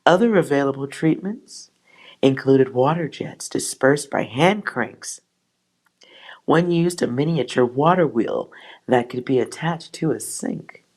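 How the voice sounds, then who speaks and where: A woman's voice: extremely low pitch, animated, unhurried, a little mellow. A woman hosting a tarot channel, reading a history text aloud and breaking off with sighs and wry asides. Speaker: tarot reader host.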